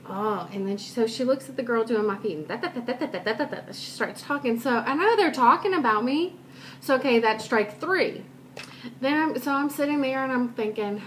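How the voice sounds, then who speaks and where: A woman's voice: fairly high pitch, normal speed, a little hiss or hum. A woman vlogger chatting casually and telling a personal story in a rambling, self-deprecating way.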